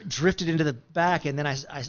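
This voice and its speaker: Man, rambling storyteller, slightly high voice, muffled lo-fi recording. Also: brisk. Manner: rambling, many fillers and restarts. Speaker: guest musician. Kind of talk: casual storytelling.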